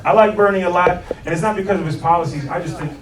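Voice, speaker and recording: A man's voice: high-pitched, fast, far from the mic. Brash, slangy young man on a club stage. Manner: slangy, loose and brash, full of swearing. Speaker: stand-up comedian. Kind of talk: stand-up comedy set. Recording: roomy club sound, laughing crowd. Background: audience laughter.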